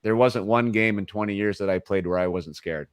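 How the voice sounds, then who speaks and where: Low-voiced man, hesitant rambling host. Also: brisk, clear, resonant tone, dry recording, clean studio sound. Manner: rambling, hesitant questions full of fillers. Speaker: podcast host. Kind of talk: casual interview conversation.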